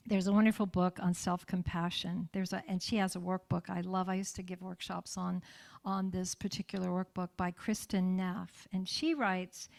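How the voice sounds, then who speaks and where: A woman pastor preaches a sermon in church, warm and conversational, frequently checking in with her listeners. Her voice is lowish and creaky.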